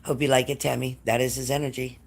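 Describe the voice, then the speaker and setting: A man's voice: mid-range voice, flat delivery, quick pace, vocal fry. A man doing psychic readings on a live stream, speaking straight to his viewers by name and growing emotional as he talks. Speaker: psychic reader.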